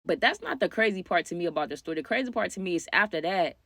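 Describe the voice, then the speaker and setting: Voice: medium pitch, lively intonation, quick pace, gravelly, hardly any pauses, bright, forceful tone, no echo, studio quality. A young adult vlogger telling a wild story to viewers in slangy, casual talk, often turning to address the audience directly. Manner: slangy, talks straight to the audience.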